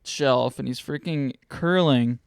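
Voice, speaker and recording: A man's voice: medium pitch, slow, creaky, clean tone, no echo. Laughing young man telling stories. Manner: animated storyteller, laughs often, slangy. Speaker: podcast host. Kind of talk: casual chat.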